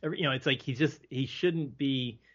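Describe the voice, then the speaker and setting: A man's voice: medium pitch, brisk. Chatty male podcast guest, muffled. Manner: chatty, hesitant, many fillers and restarts. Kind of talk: casual movie discussion. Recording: slightly muffled lo-fi recording.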